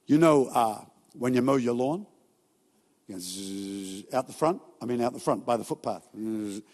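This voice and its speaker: A male pastor giving a sermon in a church, telling stories in a casual, joking way with quick asides. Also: medium pitch, darkish tone, slightly rough. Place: large church hall. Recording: long reverb from a church hall.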